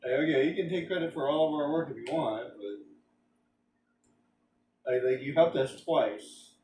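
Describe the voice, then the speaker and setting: Dude rambling on a game stream, lots of "like"s, roomy sound w faint hum behind. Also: male voice, a little high, moderate pace, a little mellow, recorded from a distance. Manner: rambling, filler-heavy, joking. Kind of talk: casual gameplay stream chat.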